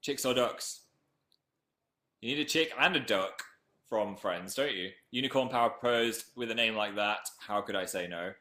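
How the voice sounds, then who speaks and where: A man's voice: lowish voice, moderate pace, bright, forceful tone, echoey room. A young man with a Northern English accent, chatting casually on a live stream and reading viewer comments aloud. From Northern England.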